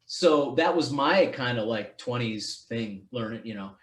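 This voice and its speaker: A man's voice: medium pitch, animated, measured pace, fairly bright tone, roomy sound. A man hosting a podcast in casual chat, rambling and restarting his sentences, swearing now and then. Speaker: podcast host.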